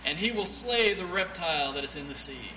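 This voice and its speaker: A man preaching a sermon, reading scripture aloud, swinging between loud emphatic passages and quieter asides. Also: sits high, expressive, brisk. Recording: echoey room with clear background noise.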